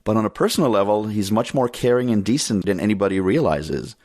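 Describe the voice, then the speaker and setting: A man hosting an interview, giving measured personal opinions before asking a question. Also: fairly low pitch, darkish tone, dry recording, clean studio sound. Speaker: host. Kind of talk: interview host commentary.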